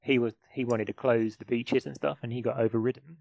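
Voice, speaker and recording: A man's voice: mid-range voice, fairly even intonation, a little fast, creaky, darkish tone. A man co-hosting a podcast, talking in a laid-back, hesitant way with fillers. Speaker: podcast co-host. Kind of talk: casual film chat.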